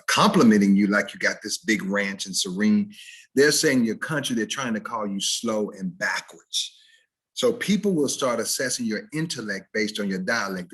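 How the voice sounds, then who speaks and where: A man from Mississippi, giving a lively diction lecture over a video call, often imitating dialects. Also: lowish voice, slightly rough. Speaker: diction instructor.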